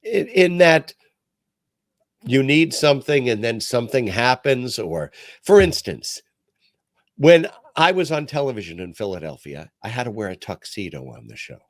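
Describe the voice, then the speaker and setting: A man's voice: medium pitch, moderate pace, no echo, clean studio sound. An older man hosting a podcast, telling stories in a casual, self-deprecating chat. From New York. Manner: storytelling, animated and self-deprecating. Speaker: podcast host.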